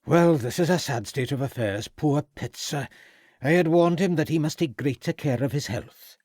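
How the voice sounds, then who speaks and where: A man's voice: fairly high pitch, expressive, brisk, a little mellow, no room sound, studio quality, voice pushed up. A man voicing a pompous, long-serving town doctor with a pronounced Welsh accent who talks stiffly and self-importantly.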